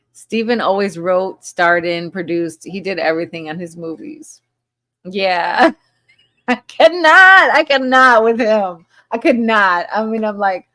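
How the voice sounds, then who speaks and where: A woman's voice: mid-range voice, fairly bright tone. A woman hosting a casual live chat, reading viewer comments aloud and laughing often between remarks. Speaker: livestream host.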